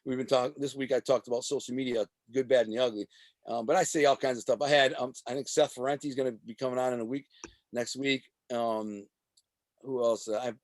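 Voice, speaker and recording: A middle-aged man, an author and radio host, telling stories as an interview guest in a tough, animated way with many restarts. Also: mid-range voice, no echo. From Detroit. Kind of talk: casual storytelling interview.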